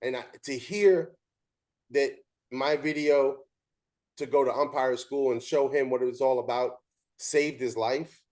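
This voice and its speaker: Brief: male interview host, umpire, lively storyteller, average pitch. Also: unhurried. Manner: animated storytelling with quoted dialogue. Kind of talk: casual interview chat.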